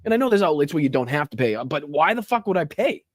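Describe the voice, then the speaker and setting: A man's voice: a little high, sing-song, fast talker, dry recording, clean studio sound. A man reading out clips and ranting about them with heavy profanity. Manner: reads clips aloud, then comments. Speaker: political commentator. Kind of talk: profane reaction commentary.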